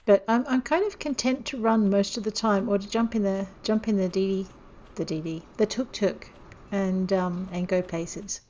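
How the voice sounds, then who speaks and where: A woman with a mid-pitched voice gives relaxed let's-play commentary, chatty and self-deprecating as she talks straight to her viewers. The recording sounds somewhat dull and lo-fi, like a basic home mic. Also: normal speed, a little hiss or hum. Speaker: gameplay narrator.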